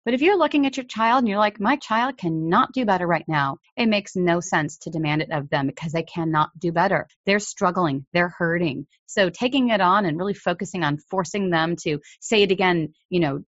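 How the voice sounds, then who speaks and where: A woman with a fairly low voice talks through parenting advice in an earnest, coaching way, now and then acting out lines a parent might say. The sound is dry and close, with a slightly dull, lo-fi quality. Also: animated, a little fast, hardly any pauses, no room sound. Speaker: parenting podcast host. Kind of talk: advice podcast monologue.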